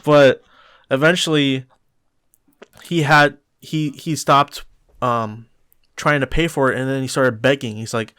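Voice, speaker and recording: A man's voice: medium pitch, fairly even intonation, measured pace, pauses often, fairly bright tone, clean tone. A young man, a podcast co-host, telling a rambling story in casual chat, full of restarts and "like"s.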